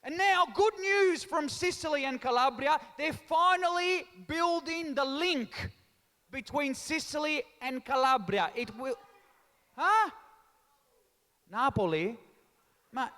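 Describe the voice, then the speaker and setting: A man's voice: very high-pitched, lively intonation, slow pace, sharp tone. A man doing live stand-up comedy and teasing the crowd, mixing in Italian phrases. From Australia. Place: large town hall stage. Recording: long reverb of a hall.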